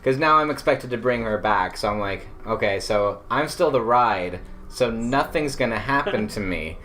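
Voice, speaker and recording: Bright-voiced young man telling a story. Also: medium pitch, expressive, moderate pace, slight background noise. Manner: rambling, filler-heavy, laughs through the tale. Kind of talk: casual chat, telling a personal story.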